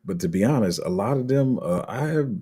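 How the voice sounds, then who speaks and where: A man's voice: mid-range voice, animated, fairly quick, warm tone, breathy edge. A man hosting a crypto channel, talking casually to viewers in a loose, rambling way with many fillers and restarts. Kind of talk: casual unscripted commentary to viewers.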